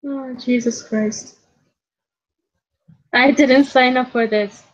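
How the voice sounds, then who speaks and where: A woman's voice: high voice, steady tone, slow pace. A woman co-streaming in casual chat, teasing and often stammering over her words. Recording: dull lo-fi stream audio.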